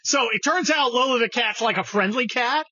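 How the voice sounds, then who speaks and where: A man's voice: extremely high pitch, normal speed, bright, forceful tone, no echo, lo-fi sound. A man hosting a podcast in a casual, profane, mocking rant that jumps from topic to topic. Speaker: podcast host. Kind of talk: casual ranting chat.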